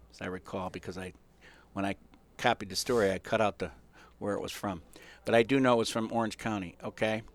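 A male radio talk show host telling a story in a casual, animated way, chuckling and acting out the people in it. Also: mid-range voice, no room sound.

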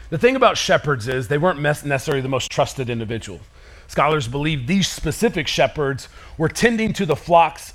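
A man in his thirties preaching a sermon as pastor, telling a story with mock screams and quick asides. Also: on the high side, a bit bright.

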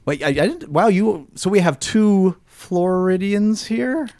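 A man's voice: high voice, expressive, a little slow, a little mellow, no echo, studio quality. A man hosting a casual podcast, playful and chiming in often. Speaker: podcast host. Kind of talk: casual group chat.

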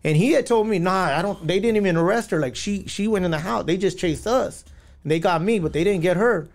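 A man's voice: high-pitched, a little fast. A man, a podcast guest telling a long personal story with lots of fillers and acted-out quotes. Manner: rambling storytelling with many fillers, acting out quoted dialogue.

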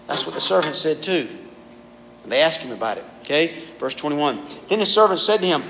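A fairly quick, high-ish male voice with vocal fry leads a youth group through a conversational sermon, reading scripture and speaking informally. He's casual and animated and keeps calling listeners "guys," and the recording carries hall reverb and faint noise.

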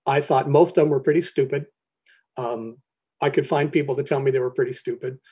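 A middle-aged man telling his personal recovery story to a meeting, halting and candid, often clearing his throat between phrases. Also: mid-range voice, fairly even intonation, dark tone, highs cut off.

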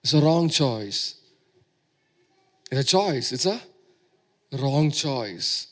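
A man's voice: mid-range voice, lively intonation, very slow, fairly bright tone. A man preaching a sermon, emphatic and repeating phrases for stress.

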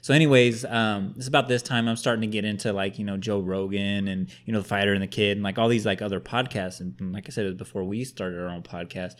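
A man's voice: lowish voice, fairly even intonation, quick pace, few pauses. A man co-hosting a casual podcast, telling rambling stories with plenty of swearing. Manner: rambling, profane storyteller. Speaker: podcast co-host.

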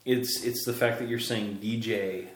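A man hosting a casual podcast chat, animated and joking, his pitch rising when he makes a point. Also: measured pace. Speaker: podcast host. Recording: roomy echo.

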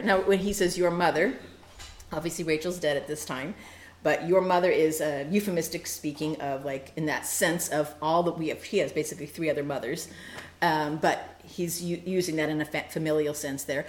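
A woman teaching a Bible study, animated and playful, acting out quoted lines with quick asides. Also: lowish voice, echoey room.

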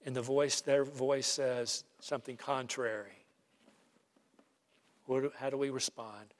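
A man's voice: mid-range voice, steady tone, slow pace. A man preaching an emphatic sermon as pastor, ending by leading a prayer. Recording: long reverb of a large hall.

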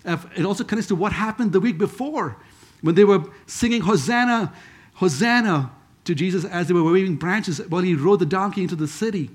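Higher-voiced male preacher, conversational. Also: fast talker, darkish tone. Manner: conversational with joking asides. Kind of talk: sermon.

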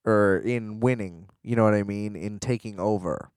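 A man's voice: lowish voice, moderate pace, darkish tone, clear, resonant tone, dry recording, studio quality. A young man in a rambling, sarcastic casual rant, full of fillers and restarts.

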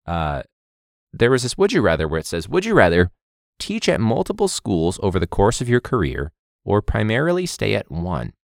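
A man's voice: on the low side, moderate pace, creaky, no echo, studio quality. A young man, a teacher hosting a podcast, talking casually and animatedly, joking and mimicking others. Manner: animated, jokey, mimics people in a loud voice.

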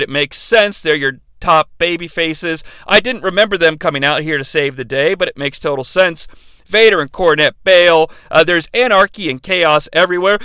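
Animated bright-voiced man recapping wrestling. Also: high-pitched, no echo. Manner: wry, animated, swears casually. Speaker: podcast host. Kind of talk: comedic play-by-play recap.

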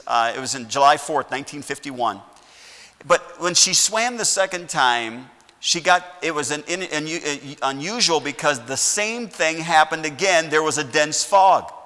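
A man's voice: on the high side, pushed and bright, big-room sound. A middle-aged man preaching a sermon as pastor, folksy, often checking in with "all righty?". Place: church sanctuary.

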